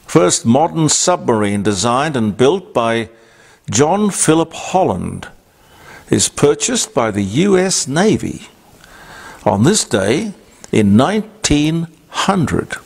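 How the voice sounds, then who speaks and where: A man's voice: mid-range voice, sing-song, slow pace, gravelly. An older man with an Australian accent hosting a talk show, reading on-this-day items with rambling asides and fillers. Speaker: radio talk host. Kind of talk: casual on-this-day segment.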